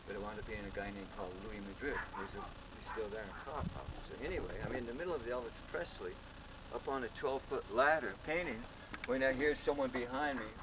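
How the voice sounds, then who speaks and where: A man in his seventies, a muralist, telling stories in an interview in a lively way and acting out the people in them. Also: medium pitch, quick pace, background noise. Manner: lively storyteller, acts out voices. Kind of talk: storytelling interview.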